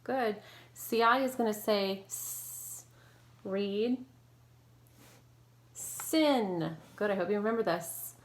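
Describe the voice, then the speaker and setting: A woman teacher leading an online phonics lesson, modeling sounds clearly and slowly and praising her students. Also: medium pitch. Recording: echoey room with faint noise.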